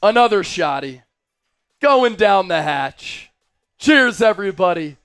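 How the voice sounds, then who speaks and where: A man hosting a live sports stream, excitedly calling the game and reading out viewer donations between fan chants. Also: sits high, slow pace, clean tone, no echo, studio quality. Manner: chanting and shouting fan cheers.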